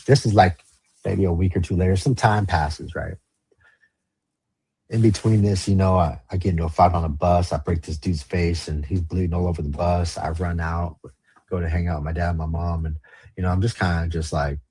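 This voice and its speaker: Low husky man telling street stories. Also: steady tone, moderate pace, mellow. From Los Angeles area. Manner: casual, slang-heavy and profane. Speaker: podcast guest. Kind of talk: storytelling interview.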